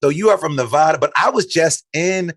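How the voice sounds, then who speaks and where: Talking up his guest in a playful, casual interview, a podcast host from Chicago speaks in an animated, fairly quick voice on the high side with a bit of brightness. The studio mic gives studio-quality sound with no room sound.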